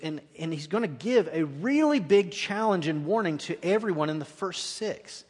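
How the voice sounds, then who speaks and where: A man preaching a guest sermon in a church, earnest and dropping to quiet intensity at key points. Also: high voice, expressive, moderate pace. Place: church sanctuary. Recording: long echoey hall reverb.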